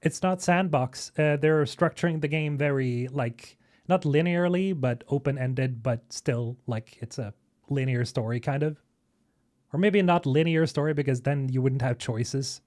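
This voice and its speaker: A man hosting a live stream, reacting casually and excitedly to a game video, thinking aloud and swearing. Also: medium pitch, a little slow. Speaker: streamer host.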